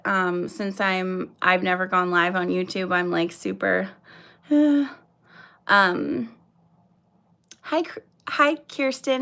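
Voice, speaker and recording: A woman in her thirties talks slowly through a casual livestream. She sounds nervous and apologetic, and her speech is full of fillers and restarts as she greets viewers by name. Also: mid-range voice, vocal fry, bright, forceful tone, smooth. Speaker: livestream host.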